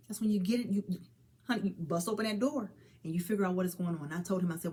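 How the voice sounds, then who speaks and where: A woman's voice: lowish voice, very fast, dark tone, husky. Earnest mother in her forties. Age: 40s. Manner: earnest, preachy, calls listener honey and child. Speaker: mother speaking on suicide awareness. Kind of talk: heartfelt direct-to-camera talk.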